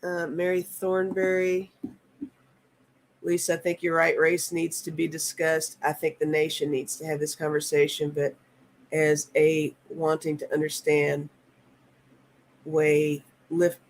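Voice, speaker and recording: A woman in her fifties hosting a live tarot stream, talking in a halting, earnest way and reading viewer comments aloud. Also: low voice, monotone, a little hiss or hum. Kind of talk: casual live-stream chat.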